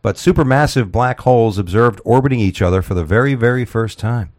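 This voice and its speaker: A man's voice: medium pitch, fairly quick. A man hosting a comedy talk radio show, rambling loosely, swearing and laughing at his own jokes. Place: Florida.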